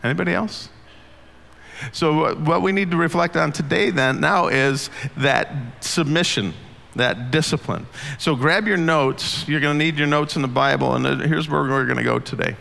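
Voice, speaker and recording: A man's voice: fairly high pitch, moderate pace, gravelly, sharp tone. A man preaching a sermon as pastor, earnest and conversational, asking the congregation questions. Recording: long hall reverb.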